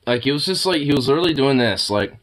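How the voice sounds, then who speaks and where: A man talks to his pets at home in a casual, swear-laden, teasing way. He sounds fond underneath the insults and slips into soft baby talk. His pitch swings widely from line to line. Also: expressive, fast talker. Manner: playful teasing with frequent swearing. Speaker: pet owner talking to his cats.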